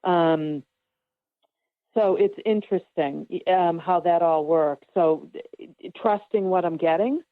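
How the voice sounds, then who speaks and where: A woman spiritual medium talking calmly on a radio show, explaining her readings with reassuring fillers. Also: lowish voice, slow, no echo. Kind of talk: casual radio interview. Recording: tinny phone line.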